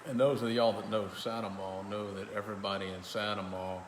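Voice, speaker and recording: A man with a slow drawl, chiming in with teasing remarks from off mic. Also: on the low side, little pitch movement, roomy sound, in a large hall, slight background noise. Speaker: husband chiming in. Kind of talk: casual banter from off mic.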